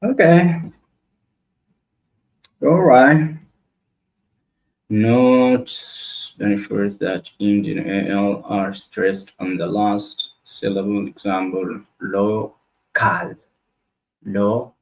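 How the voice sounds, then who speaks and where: A man livestreaming his own language study, slowly reading word lists aloud and repeating each word to practice. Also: on the low side, darkish tone. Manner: slow, reads words aloud and repeats them to practice.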